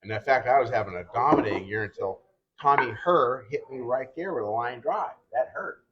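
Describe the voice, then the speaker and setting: An older man, a retired baseball pitcher, telling his career stories in casual chat and acting out the lines of the people in them. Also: fairly quick, heavy background noise. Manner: animated, acts out other people's lines in quotes. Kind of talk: casual storytelling. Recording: dull lo-fi sound.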